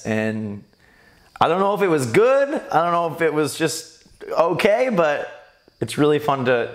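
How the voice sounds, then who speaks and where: A man hosting his gaming channel, reminiscing in casual commentary and jumping up high when amused. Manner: animated, rising to high squeals when amused. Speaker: gaming YouTuber host.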